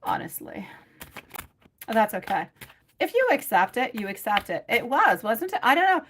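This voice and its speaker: A woman's voice: on the high side, sing-song, normal speed, fairly bright tone, a little hiss or hum. A woman reading tarot live for her viewers, rambling and chatty, laughing often and calling people by pet names like sweetie and my love. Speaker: tarot reader.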